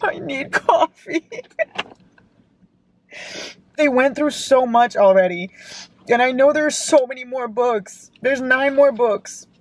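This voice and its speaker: A woman's voice: high-pitched, unhurried. A young American woman in her twenties, a book vlogger reading aloud and reacting with emotional, gushing outbursts, often crying, in a parked car.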